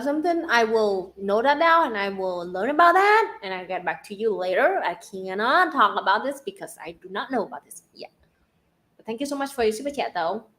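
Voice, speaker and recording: A woman with a Vietnamese accent hosting a casual livestream, halting and repeating words and laughing often. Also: medium pitch, fairly bright tone. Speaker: livestream host.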